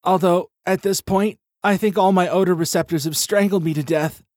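A man voicing a calm, steady young woman who speaks soothingly. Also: lowish voice, normal speed, dry recording, studio quality, voice pushed up, lightly acted.

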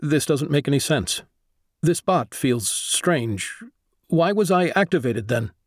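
A man's voice: a little high, expressive, slow, no echo, voice pushed up. A man voicing an agitated male navy lieutenant trapped in a robot body, with demanding, clipped military speech.

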